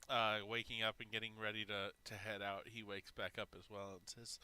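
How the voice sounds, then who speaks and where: A man's voice: lowish voice, level tone, fairly quick, hardly any pauses, bright, forceful tone. A man running a tabletop game as game master, narrating with many hesitations.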